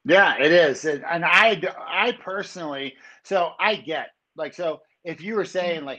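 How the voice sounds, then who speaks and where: A man talks through a grievance in a loose, animated rant. His voice sits a little high for a man and jumps up and down as he gets worked up. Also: unhurried, few pauses, dull audio. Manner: animated, ranting, jumps between pitches. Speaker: podcast guest. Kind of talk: casual chat.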